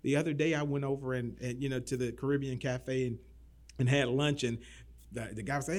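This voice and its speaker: A man's voice: mid-range voice, steady tone, brisk, darkish tone. A man from Florida who is a city manager, talking earnestly in a casual interview and often repeating words as he starts a thought.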